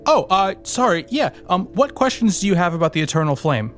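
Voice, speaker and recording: Man playing in character, hesitant, polite, fairly high lively voice, faint music. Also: a little fast. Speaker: player. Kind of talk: playing a tabletop game in character.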